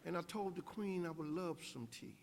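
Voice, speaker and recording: An older man delivers an inspirational speech to students, building his points with emphatic, preacher-like repetition. His voice sits a touch high and carries a gravelly edge. A long reverb trails every phrase across the large hall. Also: moderate pace, a little mellow, a little hiss or hum. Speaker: guest speaker. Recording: echoey hall.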